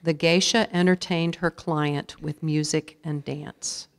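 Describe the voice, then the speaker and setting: Low-voiced woman pronouncing words in a hall. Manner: measured, even, repeats each word clearly. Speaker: spelling bee pronouncer. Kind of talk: formal word reading with definitions. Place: school auditorium. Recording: long reverb of a large hall.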